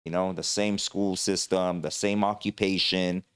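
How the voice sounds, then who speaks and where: A man's voice: low voice, flat delivery, a little slow, smooth. A man hosting a livestream talk show, ranting with passion and filling his talk with "you know.".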